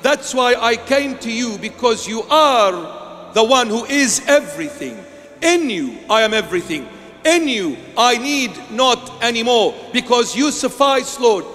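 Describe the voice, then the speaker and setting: A man's voice: very high-pitched, fairly bright tone. Impassioned preaching man in a hall. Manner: impassioned, rhythmic repetition, sometimes sung phrases. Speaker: bishop. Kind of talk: sermon.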